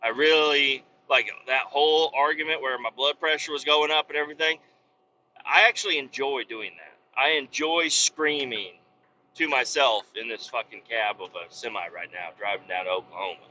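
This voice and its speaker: A man hosting a podcast, ranting heatedly with constant swearing and bursts of yelling, recorded in the cab of a semi truck while driving. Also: mid-range voice, moderate pace, a little hiss or hum. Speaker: podcast host. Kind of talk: profane ranting monologue. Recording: dull lo-fi recording.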